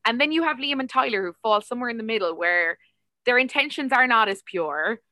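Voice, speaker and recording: An Irish woman in casual podcast chat, animated and opinionated, using lots of fillers. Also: on the high side, fairly quick, no room sound. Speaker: podcast co-host.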